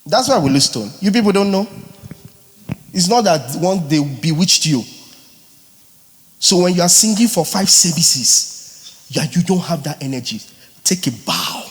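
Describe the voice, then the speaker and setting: Animated vocal coach in a hall. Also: male voice, on the high side, measured pace, pauses often. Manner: animated, teasing, mixes in pidgin. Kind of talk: live workshop teaching. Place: large hall at a live boot camp. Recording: long hall reverb.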